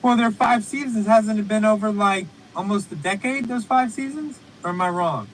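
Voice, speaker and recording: A man with a notably high voice chats loosely and swears freely while hosting a remote stream. His talk rambles, and faint noise hums underneath. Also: moderate pace, fairly bright tone, rough recording. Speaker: podcast host. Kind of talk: casual profane chat. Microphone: remote stream call.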